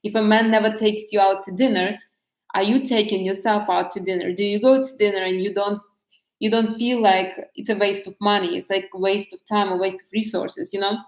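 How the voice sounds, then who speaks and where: A woman's voice: medium pitch, steady tone, brisk. Frank woman coach in echoey room. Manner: direct, frank, speaking off the cuff with restarts. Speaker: dating and love coach. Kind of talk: casual advice monologue.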